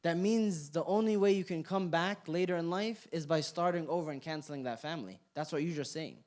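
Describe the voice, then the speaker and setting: A young man with a fairly high, brisk, slightly mellow voice teaches an interactive class in a community center classroom. He keeps it casual and playful, cracking jokes and tossing questions out to the room.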